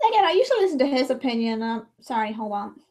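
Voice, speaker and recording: High-voiced rambling woman. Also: very animated, fast talker, darkish tone. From Ireland. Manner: rambling, chatty, often breaking off and restarting sentences. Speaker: livestreamer. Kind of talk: casual livestream chat.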